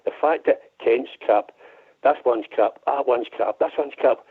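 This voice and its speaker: A Scottish man calling in to a football phone-in, passionate and frustrated, almost shouting. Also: medium pitch, measured pace, slightly rough. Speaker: caller. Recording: tinny phone line.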